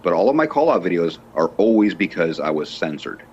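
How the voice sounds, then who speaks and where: A man on a group internet call, talking in a deliberate, analytical way. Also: deep voice, very animated, a little mellow. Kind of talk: casual call chat. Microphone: computer mic on a video call. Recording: dull lo-fi call audio with faint noise.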